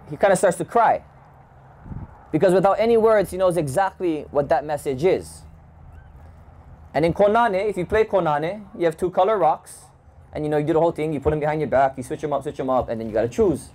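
A man from Hawaii telling a cultural story in a measured, thoughtful way with frequent restarts. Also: a little high, darkish tone. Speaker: community leader. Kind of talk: storytelling talk. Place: home gathering, indoors.

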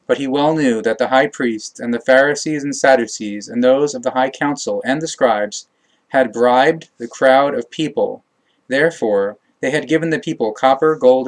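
Male audiobook narrator for a religious text; measured, mid-pitched, correcting himself now and then. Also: rough recording. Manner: measured reading with occasional self-corrections.

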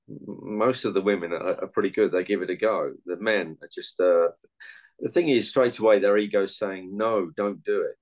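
A man's voice: low voice, low-quality recording. A man, a meditation and martial arts coach, giving earnest interview answers full of anecdotes from his coaching.

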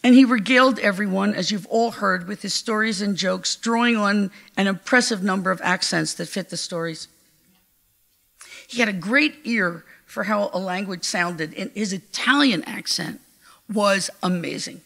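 An older woman giving a heartfelt, measured eulogy at a memorial gathering. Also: mid-range voice, creaky, a bit bright. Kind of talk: memorial tribute speech.

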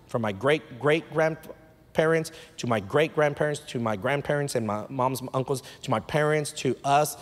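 A male pastor gives a conversational sermon that rises into emphatic bursts. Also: on the high side. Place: church sanctuary. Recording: live church hall reverb.

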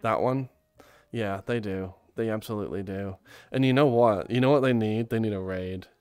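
A man's voice: fairly low pitch, moderate pace, a little mellow, clear, resonant tone, dry recording. A man streaming live in virtual reality, chatting casually in a playful, affectionate, doting way.

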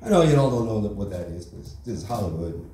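A man's voice: fairly low pitch, very animated, quick pace, warm tone, a little hiss or hum. A man with a Texan accent doing a crude, brash, swaggering stand-up set. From Texas. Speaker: stand-up comedian. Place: comedy club stage. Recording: echoey room from far off.

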